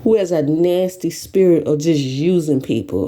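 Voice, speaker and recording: A woman ranting bluntly and profanely as a YouTube commentator at home, dropping to low mutters and jumping to sharp high bursts. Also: animated, moderate pace, hardly any pauses.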